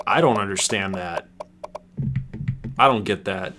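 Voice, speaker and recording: A man in his thirties hosts a livestream, trading casual, sarcastic banter and laughing often. His voice is lowish and sharp in tone, and he speaks at a measured pace.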